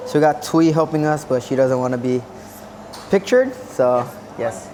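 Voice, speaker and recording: A man records a casual food vlog in an indoor hotel buffet, talking through each dish. He hums with contentment between bites and keeps his voice at an everyday middle pitch. The sound of the dining room is clearly heard behind him on a camera-mounted mic. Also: expressive, moderate pace, darkish tone, a little hiss or hum. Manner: chatty, savoring each bite with contented hums. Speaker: food vlogger. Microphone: camera-mounted shotgun mic.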